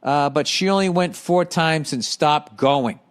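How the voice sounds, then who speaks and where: A man's voice: fairly high pitch, a little slow, smooth. A man hosting a podcast, ranting casually and bluntly while reading out listener emails, swearing and laughing often. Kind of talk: casual profane rant.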